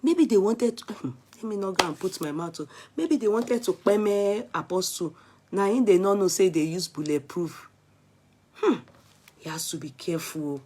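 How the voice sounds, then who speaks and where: A woman's voice: mid-range voice, animated, moderate pace, darkish tone, a little hiss or hum. A Nigerian woman vlogger chatting live with her viewers, exclamatory and switching between Pidgin and Yoruba. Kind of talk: live-stream chat with viewers.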